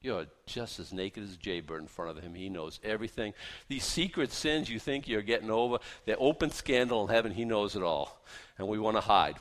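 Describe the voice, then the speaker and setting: Folksy, animated male preacher. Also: fairly low pitch. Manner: animated, acts out voices of biblical figures; folksy, punchy delivery with rhetorical questions. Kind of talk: sermon.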